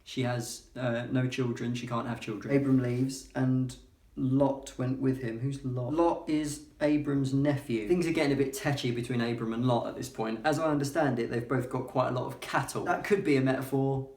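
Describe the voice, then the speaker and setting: A man's voice: medium pitch, steady tone, normal speed, darkish tone. A man hosting a comic vlog that retells the Bible in an irreverent, sardonic, conversational way. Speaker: vlogger. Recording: roomy echo.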